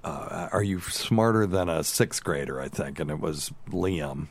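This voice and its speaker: A man hosting a radio talk show, telling funny stories in a relaxed, animated way and laughing along. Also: low-pitched, measured pace. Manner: animated storyteller, laughs at his own stories. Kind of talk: casual storytelling chat.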